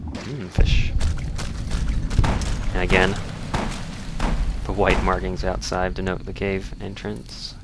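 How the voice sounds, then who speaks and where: Deep-voiced man narrating gameplay casually. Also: flat delivery, takes it slowly, long pauses, very noisy. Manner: easygoing, rambling, self-correcting. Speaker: let's play host.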